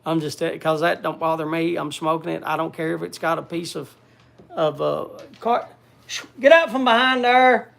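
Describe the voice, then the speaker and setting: A man with a high, gravelly voice talks loosely to his online audience. He rambles, restarts his sentences and keeps scolding a pet. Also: steady tone, moderate pace, a bit bright. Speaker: livestream host. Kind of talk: casual livestream chat.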